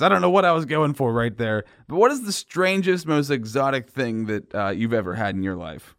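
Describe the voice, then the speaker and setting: A man's voice: medium pitch, big pitch swings, normal speed, gravelly, hardly any pauses, a bit bright, dry recording, clean studio sound. A man hosting a radio show, joking and rambling in casual chat.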